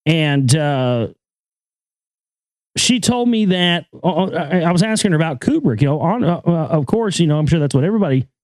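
A man's voice: a little high, lively intonation, normal speed, a little mellow, no room sound. A man hosting a casual monologue, talking emphatically and profanely, often repeating his words. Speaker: podcast host and filmmaker.

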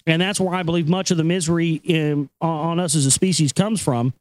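A man's voice: fairly high pitch, fairly even intonation, brisk, no room sound. A male talk show host who reads news items and rambles about them in a profane, casual way. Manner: profane, rambling, laughs often.

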